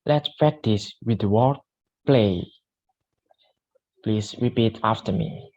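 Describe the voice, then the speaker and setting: A young man, a student, leading a pronunciation drill with slow, deliberate repeat-after-me delivery. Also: on the low side, darkish tone, dull audio. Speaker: student giving a pronunciation lesson.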